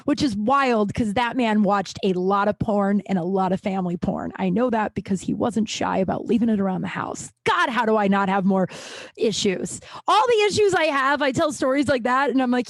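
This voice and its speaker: A woman's voice: a little high, a little fast, dry recording. A woman hosting a podcast in a casual monologue, blunt and profane, ranting and going off on tangents. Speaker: podcast host.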